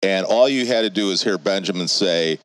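A man's voice: low voice, brisk, a bit bright, rough recording. A man co-hosting a podcast, asking questions in a casual, teasing way. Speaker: podcast co-host.

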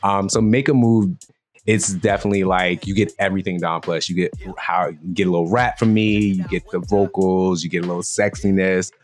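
A man's voice: low voice, fairly even intonation, a little fast. A man from the Southern US with a Southern accent, chatting as a guest musician in a casual interview and laughing often. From Southern United States. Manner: giggly, self-deprecating, breaks into laughter often.

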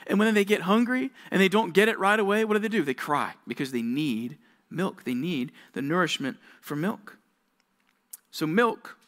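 A man's voice: a little high, a bit bright. A young man, a youth pastor, giving a casual, conversational sermon to teenagers, full of rhetorical questions.

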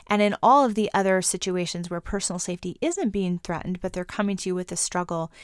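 Earnest woman teacher, smooth clear voice, dry close sound, devotional talk. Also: fairly low pitch, no room sound. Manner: earnest, reads quotes slowly and softly. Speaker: Christian women's teacher.

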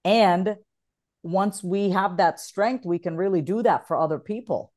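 A woman's voice: medium pitch, unhurried. A woman who works as a voiceover artist, speaking expressively as an interview guest and acting out example phrasings. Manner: animated, acts out example phrasings.

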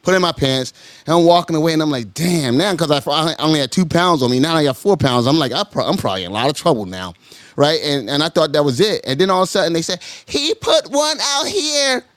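A man at a podcast mic tells a long, animated story to his friends. He keeps repeating words, "hold up, hold up", and his pitch jumps way up whenever he plays the people in it. The sound is close and dry, with no room around him. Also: fast talker, no room sound. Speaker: podcast guest telling a story.

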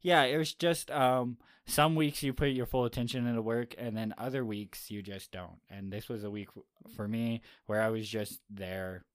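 A man's voice: medium pitch, fairly even intonation, moderate pace, hardly any pauses, clean tone. A man co-hosting a casual chat, rambling and teasing with many hesitations. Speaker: podcast co-host. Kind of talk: casual banter.

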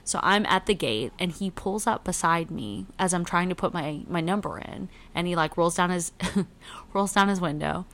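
A young woman chatting casually with her roommates, telling a story with lively quoted voices. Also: fairly low pitch, normal speed. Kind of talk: casual chat.

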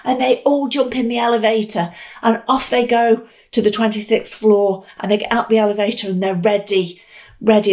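A woman tells a story on a podcast, animated and dramatic. She repeats lines for effect and acts out the quotes in a mid-pitched voice.

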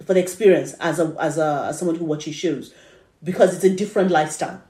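Chatty opinionated woman, mellow low voice. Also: quick pace. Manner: chatty, opinionated, trails off while searching her notes. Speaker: podcast co-host. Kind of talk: casual chat about dramas. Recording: echoey room.

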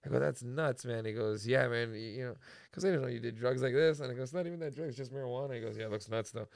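Gravelly young man telling a story. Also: medium pitch, very fast, dry recording, studio quality. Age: young adult. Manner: animated storyteller, slangy, says "bro" a lot. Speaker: podcast co-host. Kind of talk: casual chat.

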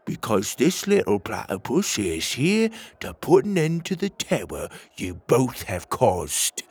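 A man's voice: medium pitch, wildly swooping pitch, a little slow, darkish tone, husky, dry recording, exaggerated voice. A man voicing Petey, a brave young platypus hero, in an earnest, raised voice for an audio story.

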